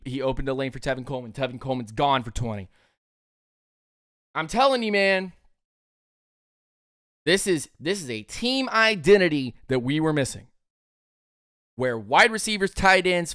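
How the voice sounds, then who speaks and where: A man hosting a sports show, breaking down game plays with excitable energy and frequent laughter. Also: fairly high pitch, normal speed, pauses often, no echo, studio quality. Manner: excitable, breaks into laughter, acts out players in quotes. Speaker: sports podcast host. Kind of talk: animated sports commentary.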